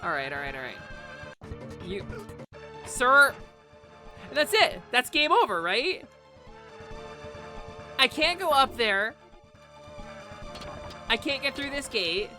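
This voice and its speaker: A woman's voice: high voice, sing-song, takes it slowly, pauses often, sharp tone. A woman streaming a game live, swearing and exasperated, ranting at the game and chatting with her viewers. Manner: chatty, greets chat viewers. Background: faint game music.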